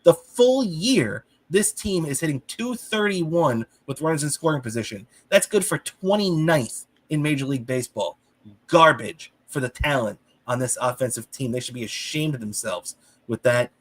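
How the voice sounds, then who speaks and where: Man, heated sports rant, higher voice, swings up and down a lot, swears freely. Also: normal speed. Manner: heated, animated ranting. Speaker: podcast co-host. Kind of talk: casual sports talk.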